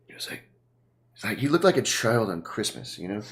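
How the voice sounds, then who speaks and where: A man's voice: fairly low pitch, big pitch swings, fairly quick. A man hosting a podcast, telling long rambling stories full of swearing in casual chat. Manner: profane, rambling storyteller. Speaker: podcast host.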